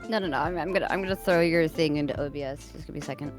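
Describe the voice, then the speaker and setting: A woman streamer chatting casually on a live stream, telling stories in a giggly, animated way. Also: low-pitched, very fast, faint music behind.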